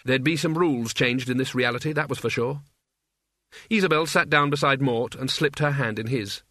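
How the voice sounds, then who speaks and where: Bright, wry male audiobook narrator. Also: medium pitch, moderate pace, no echo, clean studio sound. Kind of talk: scripted narration.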